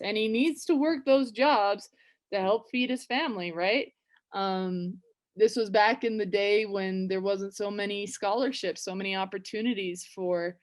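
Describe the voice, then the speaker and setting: A woman teacher reading a children's book aloud in an online class, stopping to explain in a casual way with fillers and restarts. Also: medium pitch. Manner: conversational asides with fillers and restarts.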